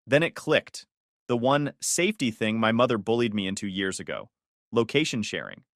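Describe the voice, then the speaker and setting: A man's voice: lowish voice, expressive, normal speed, no echo. A man narrating a first-person family story with sarcastic, dry humor.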